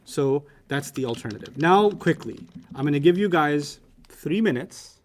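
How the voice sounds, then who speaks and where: A man's voice: a little high, normal speed. A man teaching Arabic grammar to young students in a casual, playful, teasing way. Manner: playful, teasing, animated explaining.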